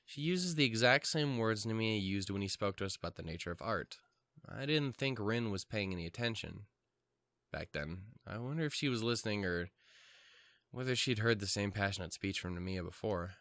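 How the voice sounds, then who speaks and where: A man reading the narration of a visual novel aloud and rambling excitedly between passages as a let's-play host. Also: lowish voice, normal speed, soft background music.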